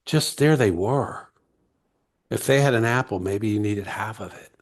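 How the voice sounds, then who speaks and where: A man from the United States, a guest author, telling heartfelt stories slowly and reflectively in an interview. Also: fairly low pitch. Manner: heartfelt, emotional, slow and searching.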